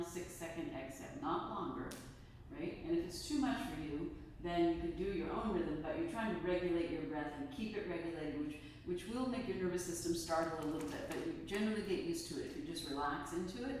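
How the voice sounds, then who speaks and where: A woman teaching a live yoga class, guiding students calmly through breathing and correcting them by name. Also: on the low side, slight background noise. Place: yoga studio class, also streamed. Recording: roomy echo from far off, music.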